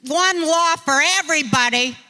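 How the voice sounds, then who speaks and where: A woman's voice: high-pitched, normal speed, sharp tone. An older woman, a guest on an interview show, telling a rambling, folksy, self-mocking story.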